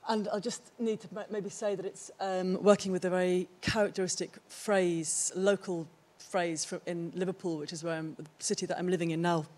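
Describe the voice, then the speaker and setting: A woman's voice: lowish voice, steady tone, moderate pace, few pauses, a little mellow. A middle-aged woman giving a conference talk about her own art, thoughtful and searching for the right words. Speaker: artist presenting her work. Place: theatre stage.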